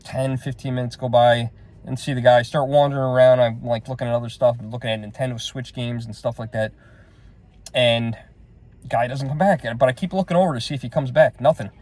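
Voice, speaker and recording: A man's voice: medium pitch, a little mellow, dry recording. A middle-aged man casually retelling a frustrating shopping trip, rambling and exasperated, quoting what everyone said. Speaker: vlogger. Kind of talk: casual storytelling to camera.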